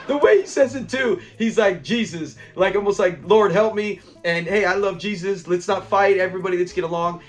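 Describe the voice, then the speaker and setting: A man's voice: sits high, a little fast, few pauses. A man hosting a review channel, casually retelling an episode, acting out the characters' lines and laughing along. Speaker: show review channel host.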